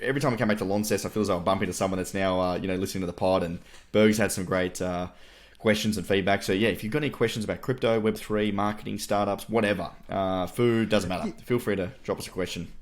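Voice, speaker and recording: An Australian man from Tasmania co-hosting a podcast, chatting in a quick, upbeat way. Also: low voice, steady tone. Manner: fast, upbeat banter with mates. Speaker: podcast co-host. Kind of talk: casual podcast chat.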